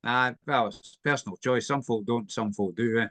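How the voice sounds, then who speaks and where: A man with a Scottish accent chatting casually, easygoing, telling stories at an even pace. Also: mid-range voice, moderate pace, no room sound. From Scotland. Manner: easygoing, anecdotal. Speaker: regular guest. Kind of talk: casual chat.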